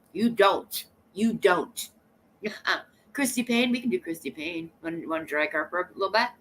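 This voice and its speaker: Lively, sassy woman streamer. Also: mid-range voice, a little hiss or hum. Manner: sassy, teasing, laughs often. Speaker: livestream host. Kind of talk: casual live-stream chat.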